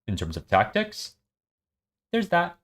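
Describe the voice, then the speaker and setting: A man's voice: high voice, huge pitch swings, slow, a bit bright, voice pushed up, full character voice. A man voicing a confident, persuasive teenage girl while reading a story aloud.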